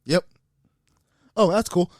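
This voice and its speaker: A man's voice: slow pace, darkish tone, dry recording, clean studio sound. A man co-hosting a casual podcast chat, tossing in emphatic, slangy quips. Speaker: podcast co-host.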